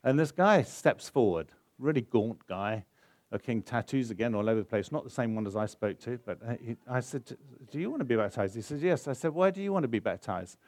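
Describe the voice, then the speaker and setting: A man preaching, telling a baptism story with rising feeling before turning to prayer. His voice sits at an ordinary middle pitch. The sound is dry and close, with no room echo. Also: lively intonation, a little fast, darkish tone. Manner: storytelling, building to emotional exhortation. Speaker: pastor. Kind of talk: sermon.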